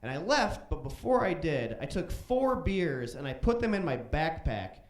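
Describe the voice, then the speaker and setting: Animated comedian from Chicago in a roomy club. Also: male voice, on the high side, normal speed. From Chicago, USA. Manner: animated, profane, jumps into loud voices for quotes. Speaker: stand-up comedian. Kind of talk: stand-up comedy storytelling. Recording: roomy club stage echo.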